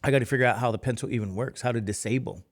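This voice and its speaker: This middle-aged math teacher, tired and sleepy, rambles through a casual lecture with self-deprecating, chatty asides. His mid-range voice races along.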